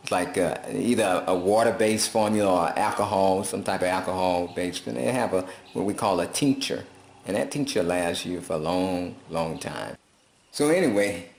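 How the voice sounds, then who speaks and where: A man talking in a folksy, preachy, casual vlog style, telling animated stories. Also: on the low side. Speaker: vlogger. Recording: roomy echo.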